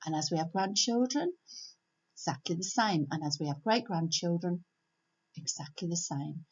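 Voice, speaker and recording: An older woman giving a homely, gentle devotional talk from home, repeating her key phrases. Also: mid-range voice, slightly rough. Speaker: church speaker. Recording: dull lo-fi home recording.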